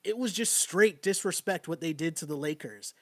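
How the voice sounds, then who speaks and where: Animated male sports stream host. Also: a little high, normal speed, no echo. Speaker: podcast host. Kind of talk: casual sports talk stream.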